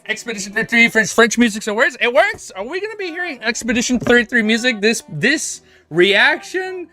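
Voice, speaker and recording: An excitable man chats on his livestream with a high, bright voice that jumps all over the place. He rambles and swears casually, and some music plays faintly behind him. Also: moderate pace. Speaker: livestream host. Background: faint background music.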